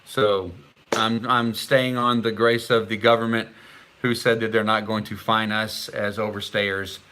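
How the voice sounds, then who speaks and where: A middle-aged man hosting a casual live stream, chatting and reading viewer comments aloud while haltingly sounding out foreign words. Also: lowish voice, little pitch movement, bright, forceful tone, a little hiss or hum.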